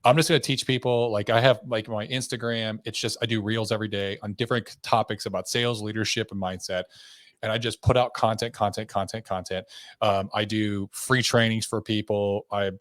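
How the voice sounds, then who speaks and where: A man hosting a podcast, telling stories in a relaxed, chatty way with fillers and some swearing. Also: lowish voice, dry recording, studio quality. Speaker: podcast host, insurance agent. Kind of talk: casual podcast conversation.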